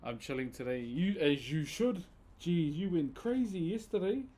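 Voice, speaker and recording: A man's voice: on the high side, lively intonation, moderate pace, dark tone. A laid-back man from New Zealand with a New Zealand accent, chatting casually with his live-stream viewers while he carves wood and calling them bro.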